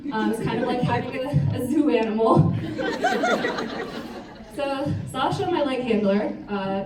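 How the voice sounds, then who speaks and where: Lively woman telling a story in a roomy hall. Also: fairly high pitch, slight background noise. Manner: lively, self-mocking storyteller. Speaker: retreat speaker. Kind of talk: personal story talk to an audience. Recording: roomy hall, voice picked up from a distance.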